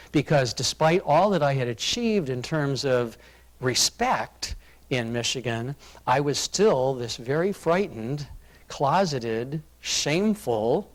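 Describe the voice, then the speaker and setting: A man speaks to a live audience in a conference room, picked up on a presenter's microphone. He tells a personal story in an earnest, confessional way, with a voice of middling pitch, and he drops to a hush when the memories turn painful. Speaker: corporate diversity speaker.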